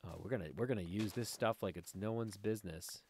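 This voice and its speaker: A let's play host with a fairly low, slightly mellow voice talks a little fast as he plays a game, with slight background noise. His commentary is casual and rambling, and he gets sidetracked easily, chatting with viewers and with the creatures on screen.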